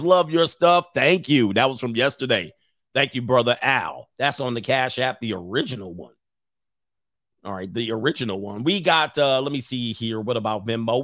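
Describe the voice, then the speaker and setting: A man hosts a casual livestream in mid pitch. He is an animated storyteller who laughs often and reads out viewer comments between stories. His voice sounds close and dry, with no room echo. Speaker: host of a livestream show.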